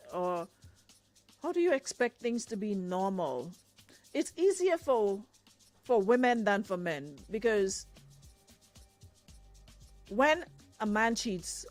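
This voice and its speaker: A woman's voice: mid-range voice, darkish tone. A woman hosting a radio advice show, reading listener letters and giving frank advice. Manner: frank, reads listener letters, laughs easily. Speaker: radio host.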